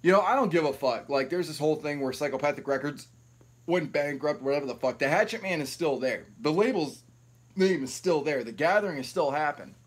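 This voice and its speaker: A man's voice: on the high side, animated, brisk, husky. A man hosting a live stream, ranting in a rambling, profane, heated way.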